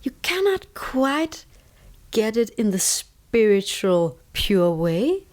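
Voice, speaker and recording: A woman's voice: medium pitch, sing-song, takes it slowly, darkish tone. Danish woman guest on an interview, english not her first language, talks it through, says stuff twice for emphasis. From Denmark. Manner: emphatic, repeats words for stress. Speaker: interview guest, stress coach. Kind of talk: reflective conversational explaining.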